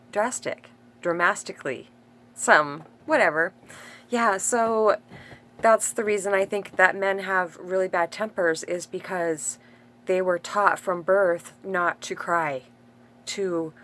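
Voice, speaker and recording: A woman's voice: on the low side, fairly bright tone, a little hiss or hum. Meandering woman sharing spiritual thoughts. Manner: meandering, self-interrupting, emotional. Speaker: spiritual teacher. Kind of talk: casual spiritual monologue.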